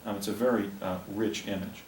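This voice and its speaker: Brief: man, 50s, low voice, rambling storyteller at a lecture, distant and echoey. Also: fairly even intonation, fairly quick, darkish tone. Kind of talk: public lecture. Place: hotel meeting room. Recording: roomy hall from far off, faint hiss.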